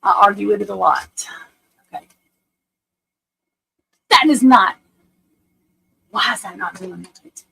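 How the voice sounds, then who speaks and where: A woman's voice: mid-range voice, takes it slowly, gravelly, long pauses, pushed and bright, husky, poor audio. A woman, hosting a casual livestream at home, chatty and self-deprecating, talking to viewers and her computer. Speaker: livestream host.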